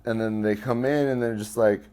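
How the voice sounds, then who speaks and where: A man's voice: on the low side, steady tone, a little fast, a little mellow, clean tone. A man being interviewed, telling a personal story in casual, profane talk with lots of fillers. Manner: loose and profane, many fillers. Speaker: interview guest.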